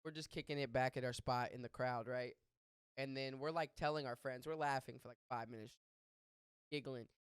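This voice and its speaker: A young man hosting a podcast, telling a story in casual chat, animated and profane with quick asides. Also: medium pitch, clear, resonant tone, no room sound, clean studio sound. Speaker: podcast host.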